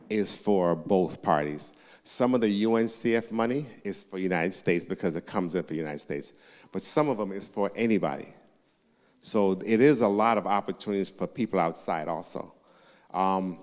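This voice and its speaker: A man representing a university, answering audience questions live in a church, lively and joking, teasing the crowd. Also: low voice. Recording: echoey church hall.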